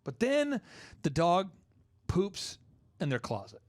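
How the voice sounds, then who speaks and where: A man hosting a casual podcast, rambling and animated as he acts out what people say. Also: high-pitched, slow, no echo, studio quality. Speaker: podcast host promoting a dog training business.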